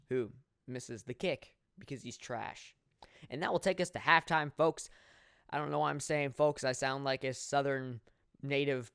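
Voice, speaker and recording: A young man commentating his own football video game in a mock sports play-by-play style, jokey and laughing at his plays, swelling with excitement on big moments. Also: mid-range voice, no room sound, clean studio sound. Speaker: gameplay commentator.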